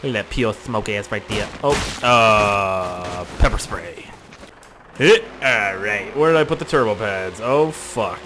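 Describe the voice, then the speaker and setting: A young man casually commentating a video game, swearing often and joking loudly. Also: fairly low pitch, unhurried, slight background noise. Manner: profane, goofy, excitable. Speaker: gaming YouTuber. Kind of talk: casual let's-play commentary.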